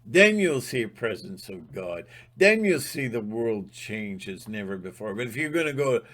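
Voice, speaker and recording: A man's voice: lowish voice, sing-song, normal speed, a bit bright. A man giving a rambling, emphatic spiritual monologue, sometimes breaking into mocking mimicry. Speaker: spiritual vlogger.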